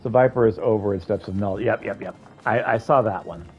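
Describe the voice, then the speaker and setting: A man's voice: on the low side, a little fast, muffled recording, faint music behind. A man streaming a video game, chatting casually and thinking aloud as he rambles through it. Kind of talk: casual gameplay commentary.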